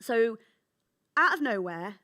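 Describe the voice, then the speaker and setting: A woman from England with a high voice, telling childhood stories and acting out the voices of her younger self. Her voice swoops up and down, animated and expressive. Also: slow pace. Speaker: author. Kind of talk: conversational interview.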